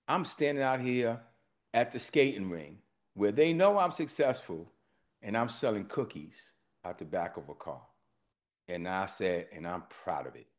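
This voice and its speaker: A man preaching a sermon, telling a personal story and swinging from quiet asides to loud emphatic lines. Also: mid-range voice, lively intonation, measured pace. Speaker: pastor.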